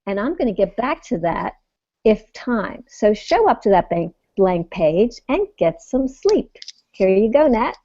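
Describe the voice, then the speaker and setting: A woman on a writing panel, talking in an animated, teacherly and playful way. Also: medium pitch, a little slow, highs cut off. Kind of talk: casual panel talk.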